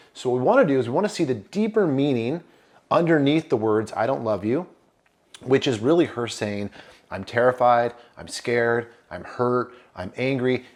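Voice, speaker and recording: A man with a mid-range voice talks men through relationship trouble in a calm, reassuring way. He explains patiently and addresses his listeners directly. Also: mid-range voice. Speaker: relationship coach. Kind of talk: advice talk to men.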